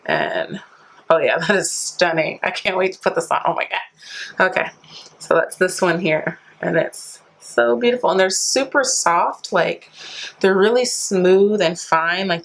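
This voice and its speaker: On a low-quality recording, a woman with a lower voice reviews a product for her beauty channel, chatting away and saying "like" all the time. Her slang is playful, and she calls viewers sis and honey.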